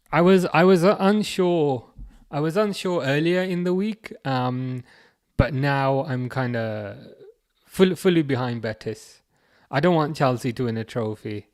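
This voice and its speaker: At a measured pace and medium pitch, a man with a Birmingham accent chats through viewer comments on his football watchalong livestream. It's relaxed, casual talk with frequent restarts and chuckles.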